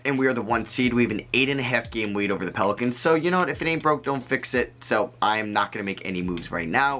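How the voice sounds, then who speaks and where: A man giving casual, chatty gameplay commentary to his viewers, rambling and easily excited. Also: medium pitch. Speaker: gaming video creator.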